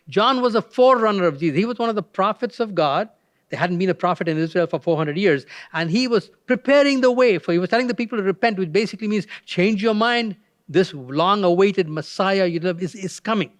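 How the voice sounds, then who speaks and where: A man's voice: high-pitched, no echo. An older retired pastor preaching a guest sermon, telling a personal story in a conversational way and acting out the voices he quotes.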